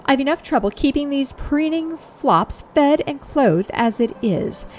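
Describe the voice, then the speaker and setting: A woman's voice: high-pitched, lively intonation, a little slow, darkish tone, slight background noise, voice pushed up. A woman voicing a harried male camp steward who grumbles in old-fashioned phrasing. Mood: weary.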